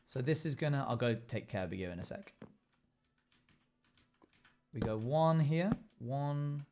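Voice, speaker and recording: Young man, streamer, casual rambling chat, mid-pitched voice, keyboard clicks. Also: gravelly, warm tone, a little hiss or hum. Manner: chatty, rambling, thinks aloud and answers chat. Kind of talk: casual live-stream chat while building.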